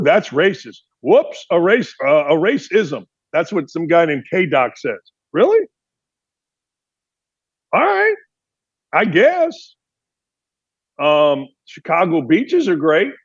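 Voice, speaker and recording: Animated high-voiced male talk host ranting. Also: lo-fi sound. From Indiana. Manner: emphatic, keeps firing rhetorical questions. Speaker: sports talk show host. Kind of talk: opinion monologue.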